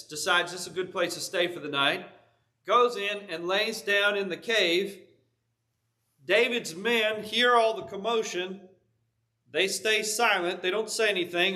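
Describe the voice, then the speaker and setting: A man delivers a sermon in a church in a conversational, storytelling way. His voice sits high and sounds bright and forceful. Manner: conversational storytelling with vivid retelling. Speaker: preacher.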